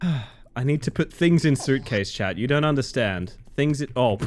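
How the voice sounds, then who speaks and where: Man, live game streamer, casual chat with viewers, excitable, laughs a lot, very lively pitch. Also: normal speed.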